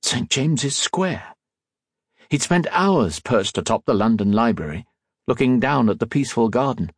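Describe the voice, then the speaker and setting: A man narrating an adventure novel aloud in a measured storytelling manner. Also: medium pitch, lively intonation, no echo, clean studio sound. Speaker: audiobook narrator. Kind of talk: scripted narration.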